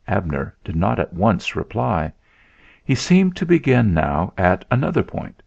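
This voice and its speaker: A man narrating a story in a measured, steady way. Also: low-pitched, vocal fry. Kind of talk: scripted narration. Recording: dull lo-fi sound.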